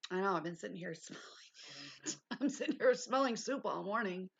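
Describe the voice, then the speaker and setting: A woman's voice: mid-range voice, lively intonation, normal speed, gravelly, a bit bright. An older woman hosting a livestream, chatting casually and rambling as she answers viewers. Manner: chatty, rambling, talks back to chat. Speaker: livestream host. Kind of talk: casual chat with live viewers. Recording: dull lo-fi stream audio with faint hiss.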